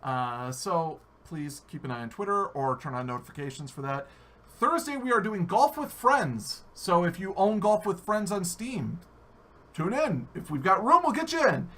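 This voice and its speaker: An American man hosts a casual live podcast with an animated, joking delivery and frequent swearing. His voice sits fairly high and sounds bright and forceful. The pitch rises and falls in wide, lively swings. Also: moderate pace. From United States. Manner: animated, swears freely, jokey. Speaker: podcast host. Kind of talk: casual live-stream chat.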